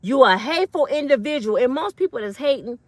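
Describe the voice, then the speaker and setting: A woman's voice: high-pitched, expressive, quick pace, no echo. A woman in her fifties, an online commentator, delivering a blunt, fiery, profane rant full of slang. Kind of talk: ranting monologue.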